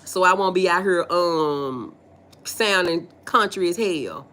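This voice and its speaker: Taking her time, a lowish-voiced Southern woman hosts a casual livestream. She reads what viewers write aloud and answers in a folksy, playful, animated manner, often laughing.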